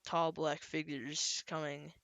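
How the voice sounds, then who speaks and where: A young man co-hosting a casual podcast chat, talking haltingly and trailing off with "so". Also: fairly high pitch, little pitch movement, pushed and bright, no room sound. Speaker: podcast co-host.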